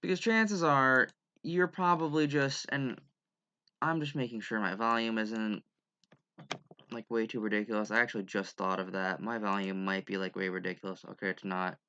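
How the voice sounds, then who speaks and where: A man's voice: on the low side, steady tone, moderate pace, pushed and bright, smooth, dull audio. A young man giving a rambling, profane, exasperated casual rant over gameplay as a gaming YouTuber.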